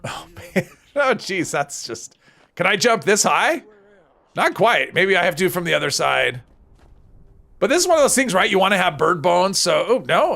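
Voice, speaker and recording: A man's voice: high voice, gravelly, bright, forceful tone. A man chatting casually on a live stream while he plays a game, reading chat and answering it, his voice strained and tired.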